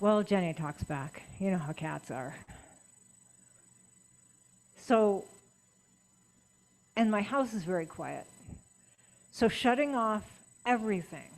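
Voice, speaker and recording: A middle-aged woman speaking as guest at a writers' meeting, chatty and personal with lively emphasis. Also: mid-range voice, poor audio. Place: meeting room.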